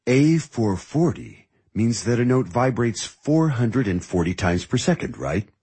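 A man voicing a patient, teasing music teacher in measured audiobook dialogue. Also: medium pitch, sing-song, mellow, husky, exaggerated voice. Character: calm, wry male music teacher. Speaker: music mentor.

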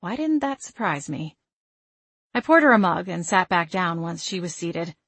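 A woman narrating a first-person novel aloud in a soft, measured, quietly emotional way, close to the mic. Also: on the low side, very animated, breathy edge, no room sound. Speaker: audiobook narrator.

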